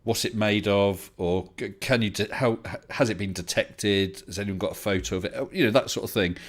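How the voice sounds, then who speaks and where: A livestream host with a slightly low voice leads a casual online debate, polite and quick to laugh. He thinks aloud with many halting restarts, and the audio has the sound of a home computer mic on a voice call.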